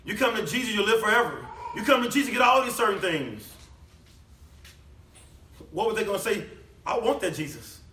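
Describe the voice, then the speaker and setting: A man preaching a sermon in a church hall, emphatic, swinging between loud declamation and low quiet passages. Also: sing-song, a little fast, pauses often, distant mic, a little hiss or hum. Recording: echoey room, voice from off the mic.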